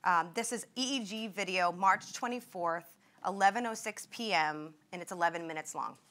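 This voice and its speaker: A woman in her twenties, invited to speak at a medical grand rounds, reads passages aloud from her memoir. Her lowish voice is bright and forceful at a normal speed, and she acts out the quoted outbursts with mounting intensity.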